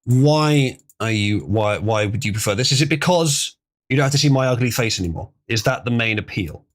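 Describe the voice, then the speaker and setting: A man's voice: medium pitch, expressive, a little fast. Guy hosting a live stream, voice jumps around a lot, loose chatty delivery with little laughs. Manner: rambling, chuckling, reading out donations. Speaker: livestream host. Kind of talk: casual livestream chat.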